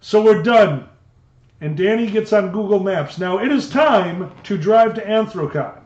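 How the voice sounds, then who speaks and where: Animated man, high-pitched, casual stream co-host, roomy, muffled mic. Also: unhurried. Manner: animated storytelling. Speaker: livestream co-host. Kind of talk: casual chat. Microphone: desk microphone.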